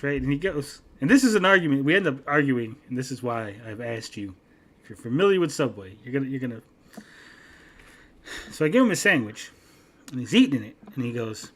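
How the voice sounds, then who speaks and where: A man hosting a podcast, telling a long profane story in a casual, animated way and acting out both sides of an argument. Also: medium pitch. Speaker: podcast host.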